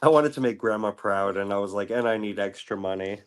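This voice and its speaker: A man's voice: on the low side, brisk, clear, resonant tone. Laid-back joking guest man. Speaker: podcast guest. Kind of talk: casual podcast chat.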